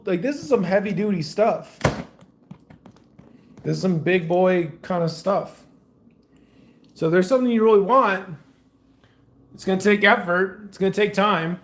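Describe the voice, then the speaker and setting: A young faith vlogger with a high voice chats casually and rambles loosely while fixing food in his home kitchen. He films on a phone held in one hand, and there is slight background noise.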